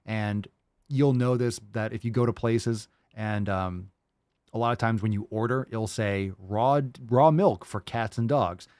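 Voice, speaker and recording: A man's voice: lowish voice, a little mellow, no echo. A man hosting a live call-in podcast, answering listener questions in a loose, rambling way, swearing freely and filling his talk with "like" and "you know.". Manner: loose, rambling and profane, with many fillers.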